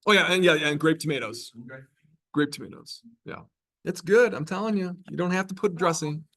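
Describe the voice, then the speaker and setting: A man's voice: sits high, a little fast, a bit bright. A man from New York giving a college biology lecture in a classroom, talking in a chatty, conversational way and often checking in with "right?". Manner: conversational, chatty, with frequent tag questions.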